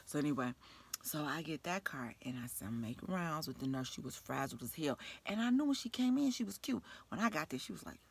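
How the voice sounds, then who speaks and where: A woman with a New York accent, a nurse telling an animated, profane story from work with frequent laughter. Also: sits low, a little fast, vocal fry, breathy edge. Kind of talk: storytime vlog.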